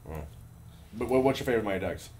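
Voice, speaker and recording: A man's voice: quick pace, a little hiss or hum. A young man hosting a casual chat, joking and swearing freely as his voice jumps around. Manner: animated, jokey, swears freely, pitch jumps when joking.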